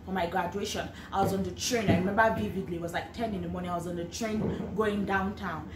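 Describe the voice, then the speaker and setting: This young adult vlogger, a woman with a Nigerian accent, recounts a personal experience with faith reflection in an earnest, chatty way, repeating and restarting phrases often. Her low-leaning voice is steady in tone and fast, set against a noisy background in an echoey room with faint ambience.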